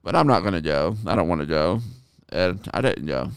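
Low-voiced podcast guy, super clean smooth voice, animated, swears a lot. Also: normal speed. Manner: animated storyteller who swears freely. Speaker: podcast host. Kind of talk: casual podcast chat.

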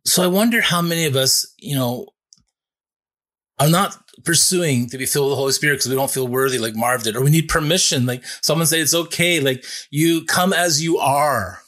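A man's voice: mid-range voice, fairly quick, a bit bright. A male pastor preaching a sermon, telling a personal story in an earnest, conversational way with frequent restarts.

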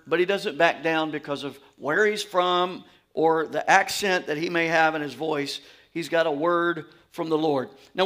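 A man from Louisiana with a Southern accent, teaching a sermon in an animated, folksy way. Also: high voice. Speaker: pastor.

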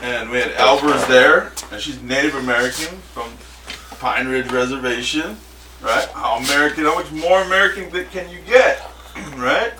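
A man's voice: mid-range voice, normal speed. A man from Southern California, a football coach, telling stories in casual chat and acting out the people in them. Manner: animated storyteller who acts out the people in his stories. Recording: roomy sound from a distant mic with faint noise.

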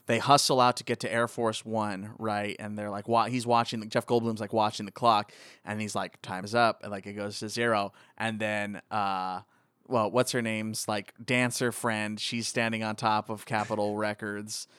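A man talking casually with friends about an old action movie, his voice quick to leap up high when he jokes. He talks loosely with lots of fillers, recorded close and dry with no room sound. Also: clean tone, dry recording. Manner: animated, jumps into high excited voices when joking.

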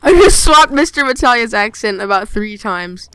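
A woman's voice: a little high, animated, moderate pace, a bit bright, clean tone, no echo. A young woman narrating an improvised role-play, playful and stumbling over repeated words.

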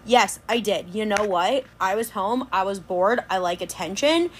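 A young woman hosting a podcast, telling a dating story in an animated, chatty way. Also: mid-range voice, normal speed, slight background noise. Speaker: podcast host. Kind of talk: casual chat.

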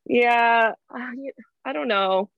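A woman's voice: a little high, takes it slowly, vocal fry, clear, resonant tone, no room sound, highs cut off. A young adult woman guest in casual chat, frank and laughing often, with some swearing, heard through an earbud mic. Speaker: podcast guest.

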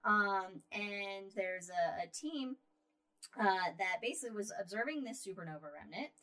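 A woman in mid pitch co-hosts a relaxed podcast chat. She talks loosely with plenty of fillers, her volume jumping up and dropping back as she goes. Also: moderate pace. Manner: chatty, lots of fillers, swings in loudness. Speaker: podcast co-host. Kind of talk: casual astronomy chat.

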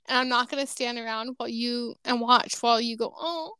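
A woman in casual chat, telling stories with animated delivery and acting out what other people said. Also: fairly high pitch, brisk, clean tone, no room sound. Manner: animated storytelling, acts out quoted people.

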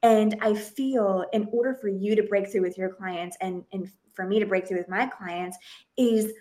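A woman's voice: mid-range voice, fairly even intonation, normal speed, mellow. A woman in her thirties, a parenting coach hosting a podcast, talking earnestly and expressively, often restarting her sentences. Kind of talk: casual podcast conversation.

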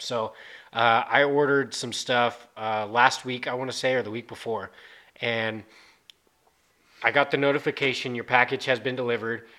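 A man's voice: medium pitch, sharp tone. A man in casual chat, telling laid-back, rambling anecdotes.

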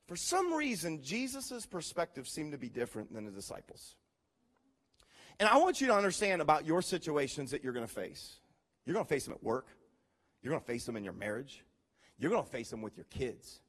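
A man preaching a sermon to his congregation, swinging from quiet, earnest passages to loud, dramatic storytelling and direct appeals. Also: very high voice, big pitch swings, moderate pace. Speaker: pastor.

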